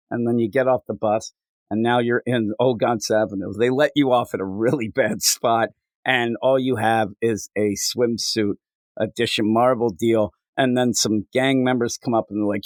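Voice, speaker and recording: A man's voice: mid-range voice, normal speed, dry recording, studio quality. A man hosting a comics podcast, riffing jokily and putting on silly voices. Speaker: podcast host. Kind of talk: casual comedic chat.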